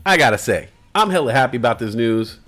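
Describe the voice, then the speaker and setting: A man's voice: mid-range voice, lively intonation, fast talker, a bit bright. A man hosting a casual livestream, talking in loose, profane, rambling banter. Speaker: livestream host.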